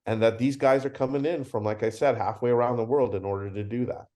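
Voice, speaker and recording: Animated man telling convention stories. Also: mid-range voice, quick pace. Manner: animated storyteller acting out dialogue. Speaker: convention founder. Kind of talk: casual interview.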